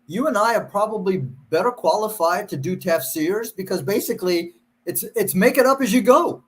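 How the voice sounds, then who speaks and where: Middle-aged male host, high-pitched, sarcastic casual reader. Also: moderate pace, breathy edge. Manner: sarcastic, mocking. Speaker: show host. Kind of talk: casual chat, reading verses aloud.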